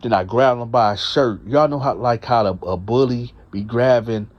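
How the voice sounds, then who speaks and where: A man's voice: medium pitch, moderate pace, dull audio. A man telling a story to his audience in a casual, emphatic way, swearing freely and calling his listeners y'all.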